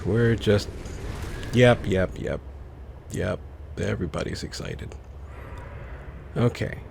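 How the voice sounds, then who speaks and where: Man, gameplay commentary, unhurried, heavy fry, faint background noise. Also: fairly low pitch, expressive. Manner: musing, talks to himself while playing. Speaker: let's play host.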